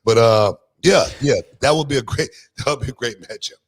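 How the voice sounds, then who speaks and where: A man hosting a podcast in casual chat, talking loosely with many fillers and growing animated as he tells stories. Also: mid-range voice, a little fast, slight background noise. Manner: loose, filler-heavy, drawling delivery; lively, animated when telling stories. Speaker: podcast host.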